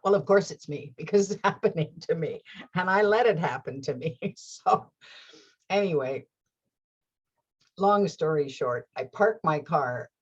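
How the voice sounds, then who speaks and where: A woman with a low, husky voice tells a personal story in a casual, animated way. She often laughs and restarts her phrases. The recording sounds slightly dull and lo-fi. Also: a little slow. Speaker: host.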